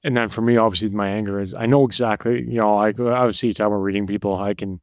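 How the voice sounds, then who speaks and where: A man's voice: lowish voice, steady tone, fast talker, no echo, studio quality. A man talking as a podcast guest, emphatic and full of restarts and "you know". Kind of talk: casual conversation.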